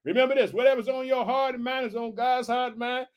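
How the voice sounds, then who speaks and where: A man preaching an energetic sermon, reading scripture aloud and calling out to his listeners as family. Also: very high voice, fast talker, clean tone, muffled recording. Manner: animated, exclaims hallelujah, addresses listeners as family.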